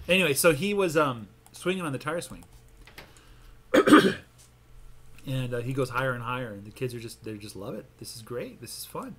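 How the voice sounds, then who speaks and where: A man's voice: medium pitch, moderate pace, pauses often, fairly bright tone. Rambling casual man telling a joke. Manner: rambling, self-interrupting storyteller. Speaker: gaming channel host. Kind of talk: casual gameplay commentary.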